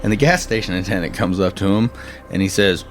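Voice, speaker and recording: A man's voice: sits low, fast, soft background music. A man running a tabletop role-playing game, narrating scenes in a casual, rambling way and laughing often. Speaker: game master.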